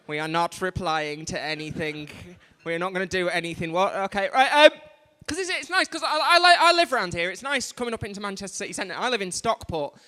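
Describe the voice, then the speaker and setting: A man's voice: high voice, animated, a little fast, hardly any pauses, bright, forceful tone. A man compering a live award ceremony on a stage microphone, doing crowd work with sweary, self-deprecating banter. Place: large hall at a live event. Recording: live stream from a reverberant hall.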